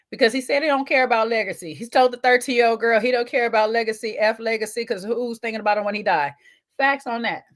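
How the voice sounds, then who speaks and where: A woman, co-hosting a casual chat show, talking to viewers while eating, with teasing asides. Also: on the high side. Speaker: podcast co-host.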